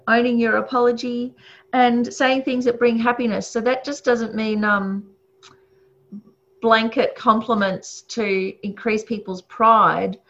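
A woman's voice: on the high side, fairly bright tone. A woman giving a casual, thoughtful teaching talk, with fillers and chuckles. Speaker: speaker on ethics. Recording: muffled lo-fi recording.

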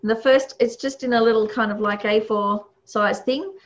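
A woman's voice: fairly high pitch, steady tone, moderate pace. A woman teaching a class in a chatty, casual way, laughing often and using many fillers. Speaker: Buddhist teacher. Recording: muffled lo-fi recording.

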